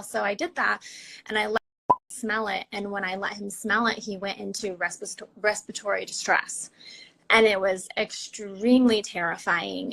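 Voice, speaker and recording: A young woman talks as an interview guest, loose and chatty, leaning on "like" and dropping into other people's voices when she quotes them. Her tone is bright and clear, with a gravelly edge of vocal fry running under it. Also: medium pitch, rough recording. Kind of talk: casual conversational storytelling.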